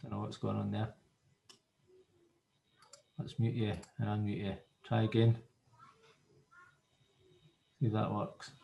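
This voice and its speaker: A man's voice: lowish voice, completely flat delivery, slow, creaky, pauses often, warm tone, dull audio, slight background noise. Male host asking questions. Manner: friendly, chatty prompts and follow-up questions. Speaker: host, interviewer. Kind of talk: conversational interview on a video call. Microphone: video call.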